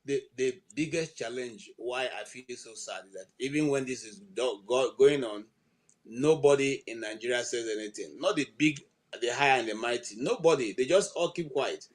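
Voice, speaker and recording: A man's voice: mid-range voice, moderate pace. A man hosting an online panel discussion, speaking in an exasperated, emphatic way. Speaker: host.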